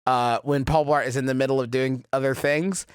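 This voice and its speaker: A man co-hosting a podcast, telling stories in casual comedic chat and quick to laugh. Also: mid-range voice, fairly even intonation, clear, resonant tone, no echo, studio quality. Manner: giggly, storytelling, quick to laugh. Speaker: podcast co-host.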